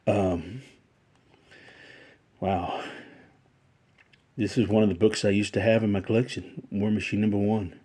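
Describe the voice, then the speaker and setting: A middle-aged man unboxing a gift on his collecting vlog, emotional and halting, full of fillers and restarts. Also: lowish voice, little pitch movement, warm tone. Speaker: toy collector YouTuber.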